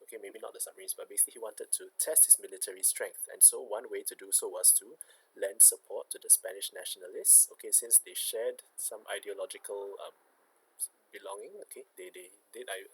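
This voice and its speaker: A man's voice: fairly low pitch, a bit bright, slight background noise, rough recording. A man teaching a recorded history lesson, explaining step by step and checking in with "okay".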